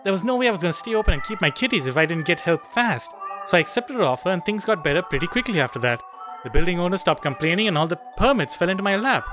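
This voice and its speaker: A man's voice: sits high, lively intonation, fast talker, over music. Man voicing an earnest cat cafe owner. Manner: earnest, softly confessional.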